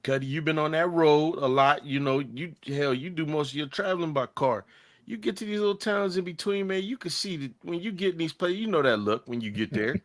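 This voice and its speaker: Animated man on a casual podcast. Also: a little high, brisk. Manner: animated, restarts sentences, leans on "man". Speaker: podcast host. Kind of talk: casual chat.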